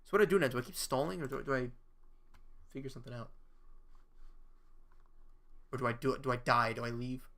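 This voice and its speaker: A young man chatting casually on a live stream, halting and self-questioning, swearing now and then. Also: medium pitch, bright, forceful tone.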